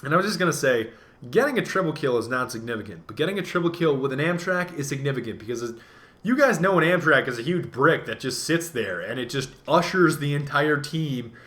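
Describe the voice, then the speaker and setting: A man's voice: a little high, lively intonation, a little fast, a bit bright. A man giving casual gameplay commentary, rambling along with jokes and self-mocking asides. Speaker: gaming commentator.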